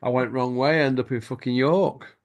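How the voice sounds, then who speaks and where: A man's voice: medium pitch, moderate pace, muffled recording. A middle-aged man, hosting a boxing show and telling stories in casual chat, swearing freely and laughing as he goes.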